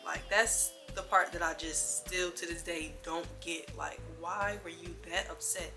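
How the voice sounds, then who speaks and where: A young woman vlogger telling a storytime in an animated, slangy way, acting out the other people's lines as she goes. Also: fairly low pitch, unhurried, hardly any pauses, soft background music. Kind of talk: casual storytime.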